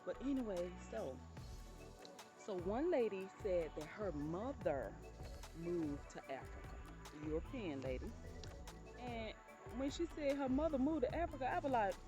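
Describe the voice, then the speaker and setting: A woman's voice: medium pitch, big pitch swings, normal speed, over music. A woman vlogger telling stories in a casual, chatty way, often calling her listeners "honey" and playing up quoted exclamations. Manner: acts out quoted exclamations with laughter. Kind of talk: casual storytelling.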